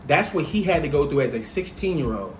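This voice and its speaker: A man's voice: on the high side, expressive, a little fast, echoey room, noisy background. A young man co-hosting a podcast, talking in a heated, emphatic and profane way. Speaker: podcast co-host. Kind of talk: casual podcast chat.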